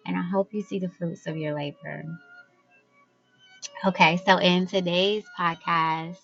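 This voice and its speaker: A woman's voice: lowish voice, steady tone, measured pace, creaky, a bit bright, faint music behind. Chatty woman podcast host, lo-fi sound. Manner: chatty and gushing, talks straight to listeners. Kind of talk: casual solo podcast chat.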